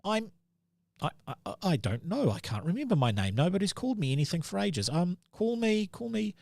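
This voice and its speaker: A man voicing a forgetful, dazed old male gnome hermit in a tabletop game, stammering and rambling in a raised, lively voice. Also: high voice, brisk, vocal fry, no echo, clean studio sound, pitched above the performer's own voice, full character voice. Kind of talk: tabletop role-play character voice.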